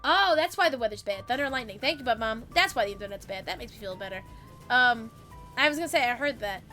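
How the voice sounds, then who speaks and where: A woman's voice: on the high side, lively intonation, quick pace, bright, forceful tone, faint music behind. A woman streamer casually telling a story to her chat, swearing freely, laughing often and breaking off to read out chat messages.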